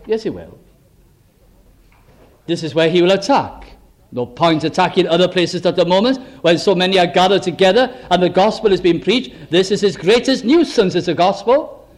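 Guy preaching, pretty high voice, swoops up and down, asks the crowd questions all the time. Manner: emphatic, full of rhetorical questions, swooping between high and low. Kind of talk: evangelistic sermon.

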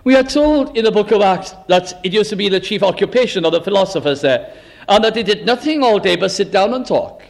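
A man preaching a sermon, possibly, slowing down for emphasis and acting out the boasts of self-righteous people. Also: high voice, lively intonation, gravelly. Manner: dramatic, acts out boastful quoted voices, slow emphatic phrasing.

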